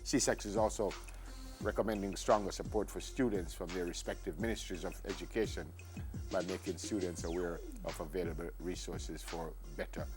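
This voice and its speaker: A man with a Jamaican accent, co-hosting a morning TV show with relaxed banter and careful news reading. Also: deep voice, music in the background. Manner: relaxed banter, reads quoted text slowly. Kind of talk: studio chat and news reading. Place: TV studio.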